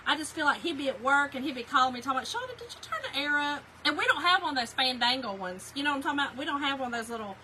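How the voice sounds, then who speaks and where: A middle-aged woman talks very fast with hardly a pause, her voice sitting high, as she chats with viewers on a live craft stream from her home craft room. She reads out and responds to chat comments directly, against a noisy background.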